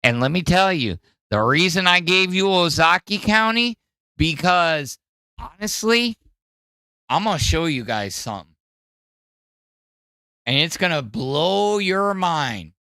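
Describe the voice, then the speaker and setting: A Midwestern-accented man hosts a casual podcast and pitches gifts like an eager salesman, with a bright, lively voice. He takes his time with each line and builds up to loud bursts. The dry, close sound carries no room echo. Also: takes it slowly, long pauses, smooth. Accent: Midwestern American. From Wisconsin. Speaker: podcast host. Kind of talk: casual chat, gift pitches.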